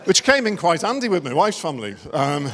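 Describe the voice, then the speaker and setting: A middle-aged male comedian with a rather high voice tells self-deprecating after-dinner stories. His voice rings around a large conference dinner hall with a long reverb. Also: very animated, a little fast, noisy background. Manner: wry, self-deprecating storytelling. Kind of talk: stand-up comedy routine.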